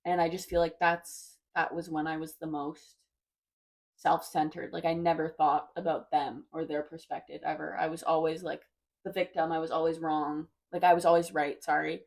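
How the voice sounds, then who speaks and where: A young woman in her twenties talks to her viewers in a loose, confessional way. Her voice sits a little low, and she rambles, circling back and hedging as she goes. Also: level tone, moderate pace, gravelly. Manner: rambling, hesitant, full of "like" and "I don't know". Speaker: vlogger. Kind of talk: casual confessional chat.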